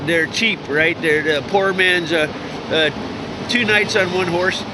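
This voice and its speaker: A man's voice: high voice, measured pace. A man rambling and ranting outdoors, cursing a lot and stammering through fillers. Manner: profane, stammering, lots of fillers. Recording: noisy street recording.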